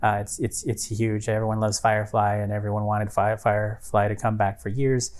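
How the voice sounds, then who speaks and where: A man's voice: lowish voice, level tone, a little fast, darkish tone, clean tone. A man co-hosting a podcast, telling a story in casual chat, rambling with many fillers and restarts. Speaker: podcast co-host.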